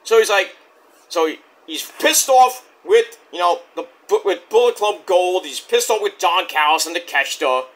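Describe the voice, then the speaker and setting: A man's voice: high voice, expressive, moderate pace. A man casually recapping a wrestling show, rambling and swearing as he retells each segment. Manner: loose, profane play-by-play retelling; rambling with frequent restarts.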